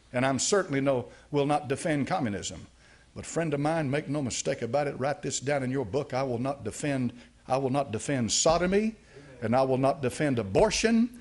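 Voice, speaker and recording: Husky, lively-voiced male preacher. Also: mid-range voice. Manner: emphatic preaching with repeated phrases. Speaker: pastor. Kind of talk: sermon.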